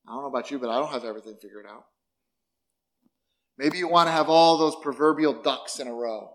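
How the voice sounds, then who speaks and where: Speaking at medium pitch and a little fast, this middle-aged man delivers a sermon as pastor. He is conversational and expressive, tossing in rhetorical questions and self-deprecating wry remarks.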